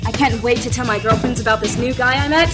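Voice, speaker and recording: A woman voicing a giddy young churchgoing woman, gushing excitedly in a dubbed video clip over music. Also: a little high, fast, close to an everyday voice.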